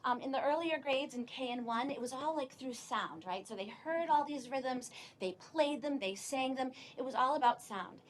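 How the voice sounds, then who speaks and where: High-voiced woman music teacher coaching kids. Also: expressive, moderate pace, few pauses, slight background noise. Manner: upbeat, coaching children, counting in. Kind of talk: classroom demonstration.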